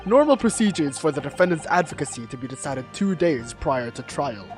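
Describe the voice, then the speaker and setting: A woman streamer voicing an earnest young male law student, speaking low and quietly over the game text. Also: sing-song, a little fast, over music.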